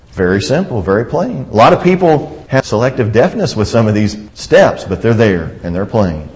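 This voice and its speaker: A middle-aged man preaching a sermon at a middle pitch. He talks earnestly, putting questions straight to his listeners. His loud, emphatic lines drop into hushed, soft ones. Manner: addresses listeners directly with questions.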